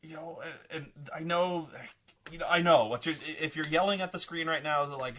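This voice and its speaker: A young adult man giving a casual, rambling film review, self-deprecating and animated. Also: a little high, moderate pace.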